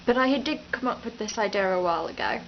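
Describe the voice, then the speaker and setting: She talks fast and animatedly in a mid-range voice, a young woman from the East Midlands vlogging at home, chatty and rambling, often breaking off mid-sentence with no script. Her camera mic cuts off the highs and lets in some background noise.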